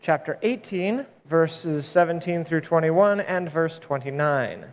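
A man preaching as a pastor, reading scripture aloud and adding relaxed, joking asides before praying and starting his sermon. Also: a little high, measured pace. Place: church sanctuary. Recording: long reverb of a large church.

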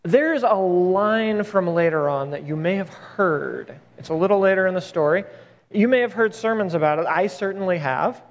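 Male pastor, high voice, scripture reading and sermon, relaxed joking asides, long church reverb. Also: moderate pace. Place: church sanctuary.

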